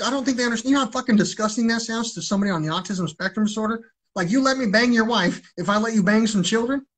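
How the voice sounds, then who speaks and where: A man's voice: sits high, sharp tone, breathy edge. A man ranting on a livestream in an agitated, rambling way, swearing heavily.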